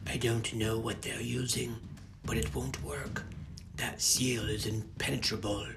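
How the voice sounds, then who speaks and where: A man's voice: medium pitch, a little slow, gravelly, background noise. A man voicing a wary adult ally who speaks in urgent whispers in a storybook reading. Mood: hushed urgent.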